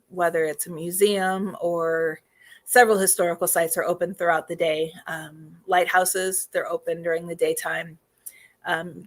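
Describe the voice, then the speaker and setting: A woman hosting a casual live stream, talking loosely with many fillers, greeting viewers, and a little hoarse as she loses her voice. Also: fairly low pitch, a bit bright. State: slightly losing her voice. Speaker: host.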